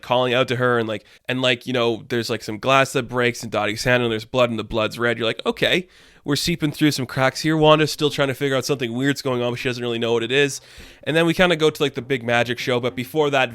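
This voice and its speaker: Excited rambling young male reviewer. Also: mid-range voice, clean tone, dry recording, clean studio sound. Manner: enthusiastic, rambling, lots of "like". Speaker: YouTube reviewer. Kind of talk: casual TV episode review.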